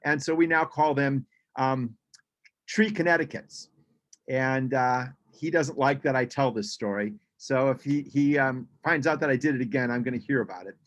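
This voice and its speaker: A man's voice: medium pitch, moderate pace. A man giving a casual birding presentation over a video call, chatty, with frequent ums and restarts.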